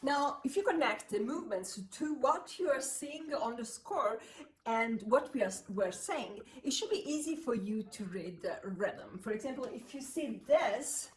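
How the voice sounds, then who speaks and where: A woman's voice: fairly high pitch, expressive, unhurried, slight background noise. A woman giving a beginner piano lesson, patiently counting beats and chanting rhythm syllables aloud. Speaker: piano teacher.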